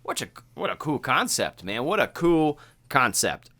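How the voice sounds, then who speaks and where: A man co-hosting a podcast, retelling a film in animated, casual chat full of fillers. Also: medium pitch, a little slow. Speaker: podcast co-host.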